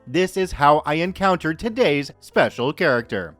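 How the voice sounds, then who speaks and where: A man hosting a story podcast, reading listener posts aloud in a lively, expressive way. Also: on the high side, normal speed, no room sound, soft background music. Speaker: podcast host reading stories. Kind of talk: narrating Reddit stories.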